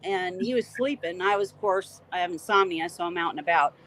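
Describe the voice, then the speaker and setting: A woman guest recounting a frightening encounter in an animated, emphatic way, repeating key phrases. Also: on the low side, brisk. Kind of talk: emotional storytelling.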